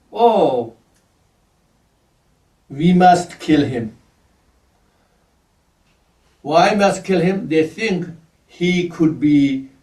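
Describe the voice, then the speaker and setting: A man whose first language is Tibetan gives a Buddhist teaching, speaking slowly and haltingly as he searches for English words. His voice sits a little high for a man. The room is echoey, and he stands some way from the mic. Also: a little mellow, distant mic. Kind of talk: dharma teaching.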